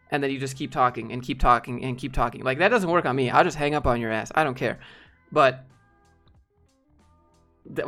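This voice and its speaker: A streamer talks casually and bluntly to his chat, rambling with fillers and swearing now and then. His voice is medium-pitched and a bit bright.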